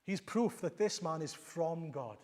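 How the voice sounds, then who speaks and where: Male preacher, fairly high voice, emphatic sermon delivery, long church reverb. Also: lively intonation, a little slow. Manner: emphatic, rhetorical questions, repeats lines.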